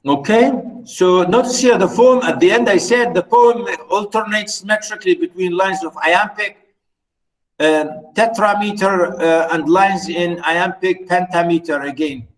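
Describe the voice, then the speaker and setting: A man's voice: sits high, measured pace, rough recording. A man giving an unscripted poetry lecture to students, hesitating often, with many fillers and restarts, and checking in with his listeners.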